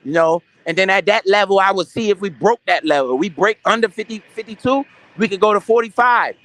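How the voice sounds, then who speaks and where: A young adult man hosting a casual finance live stream. He talks in an animated, slangy and profane way, asking questions and answering them himself. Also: high-pitched, fairly quick.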